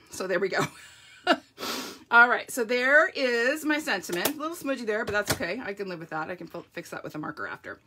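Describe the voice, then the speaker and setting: Chatty woman with a bright, croaky voice. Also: mid-range voice, a little hiss or hum. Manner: chatty, laughs often, says "like". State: sniffly runny nose. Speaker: papercraft demonstrator. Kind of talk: live crafting tutorial.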